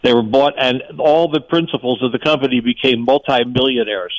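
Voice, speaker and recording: A man's voice: brisk, rough recording. A man chatting as a guest on a radio talk show, telling stories animatedly and laughing readily. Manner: animated storyteller with sudden high laughs. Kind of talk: casual radio chat.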